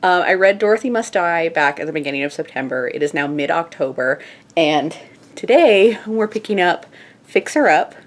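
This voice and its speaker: A woman's voice: lowish voice, animated, normal speed. A young woman chatting casually in an upbeat book vlog, with fillers and small laughs. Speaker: book vlogger.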